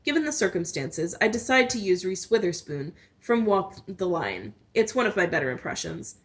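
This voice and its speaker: Woman reading a story in a lowish voice. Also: sing-song, moderate pace. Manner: first-person narration with small slips and restarts. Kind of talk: reading a novel aloud.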